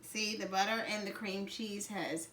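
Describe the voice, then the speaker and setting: A woman's voice: medium pitch, fairly even intonation, a little slow. A woman host with a Southern US accent gives a cooking demonstration in a home kitchen. She chats directly to her viewers and laughs often. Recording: loud mixer noise and clicks.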